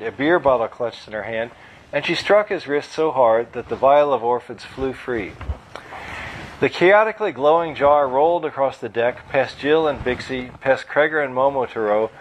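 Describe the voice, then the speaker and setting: A man reading his own novel aloud at a bookstore event, steady and plain. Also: mid-range voice, a little hiss or hum, low-quality recording. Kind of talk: live book reading.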